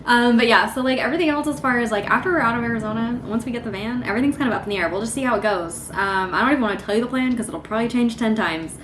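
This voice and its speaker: A woman's voice: a little high, fast, a bit bright, a little hiss or hum. A young adult woman chatting casually in a vlog, rambling with lots of fillers. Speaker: vlogger.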